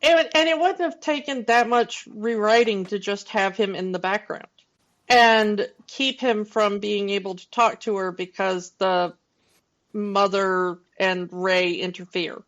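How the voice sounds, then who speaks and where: A woman co-hosting a film podcast, talking through her thoughts in an unhurried, casual way. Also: medium pitch, steady tone, highs cut off. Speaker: podcast co-host.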